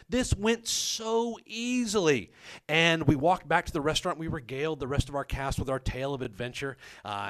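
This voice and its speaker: A man telling a comic personal story on a podcast, animated and self-mocking, with his voice leaping up on quoted lines. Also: medium pitch. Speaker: comedic storyteller.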